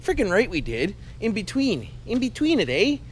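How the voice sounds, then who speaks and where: Canadian male vlogger, casual folksy banter, animated pitch, faint background noise. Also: moderate pace. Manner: jokey, folksy, tags lines with "eh" and "why wouldn't I". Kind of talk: casual chat to camera.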